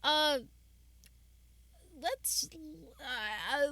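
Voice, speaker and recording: A young woman streamer talks to her chat in a loose, rambling way, full of ums and restarts. Her voice is bright and forceful. The sound is dry and close, with no room around it. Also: mid-range voice, a little slow, dry recording. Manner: chatty, rambling with many fillers and restarts. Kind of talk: casual chat with viewers.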